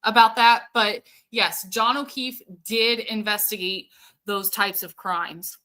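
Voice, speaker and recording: A woman hosts a casual livestream, chatting and answering viewer comments as she thinks aloud with lots of fillers. Her medium-pitched voice is steady and sharp, and she takes it slowly.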